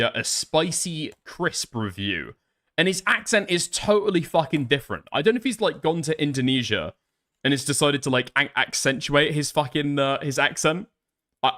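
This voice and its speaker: A man's voice: medium pitch, fairly bright tone. Mocking man, commentary host. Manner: mocking, profane, laughing. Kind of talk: reaction commentary.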